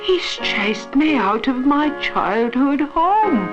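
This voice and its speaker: An aggrieved old kangaroo complains in a voice pushed well above normal, his pitch wheeling up and down as he grumbles, as a woman acts him out. He sounds tired, proud and put upon, a cartoon storybook character. The sound is a dull, muffled old film track with music playing underneath. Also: big pitch swings, slow pace, exaggerated voice. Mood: plaintive. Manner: plaintive, complaining, rising high.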